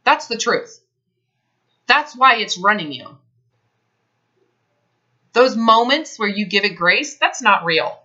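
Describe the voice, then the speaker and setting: A woman's voice: a little high, animated, slow pace, pauses often, bright, forceful tone. A woman health advisor in a counseling session, talking bluntly and emphatically, swearing freely. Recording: dull lo-fi recording.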